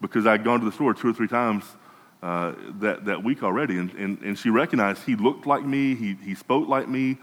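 A man's voice: fairly low pitch, moderate pace, fairly bright tone, long reverb tail, poor audio. A man preaching a sermon in a conversational way, often restarting and repeating words. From United States.

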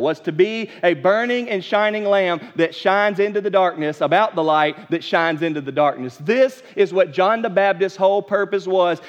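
A man preaching a sermon as pastor, animated and folksy, rising in emphasis. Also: high-pitched. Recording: dull lo-fi sound with long hall reverb.

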